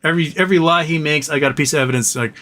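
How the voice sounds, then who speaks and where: A man's voice: on the high side, racing, pushed and bright. A man hosting a live stream, telling stories in a rambling, profane, casual way. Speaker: livestream host.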